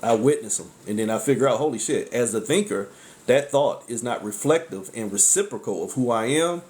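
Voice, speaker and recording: A man's voice: mid-range voice, expressive, a little fast, darkish tone. Blunt, profane man exclaiming constantly. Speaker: tarot reader. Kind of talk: casual spiritual monologue.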